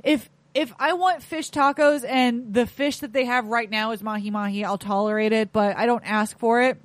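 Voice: medium pitch, fairly even intonation, normal speed, a bit bright, dry recording. A podcast co-host chatting casually and making dry, wry remarks. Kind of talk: casual chat.

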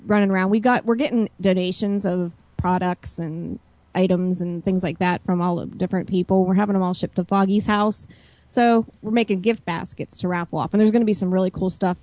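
Female guest, mid pitch, quick chatty promoter, dry close mic. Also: steady tone, a little mellow, no echo. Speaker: guest promoting a charity event. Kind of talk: casual chat.

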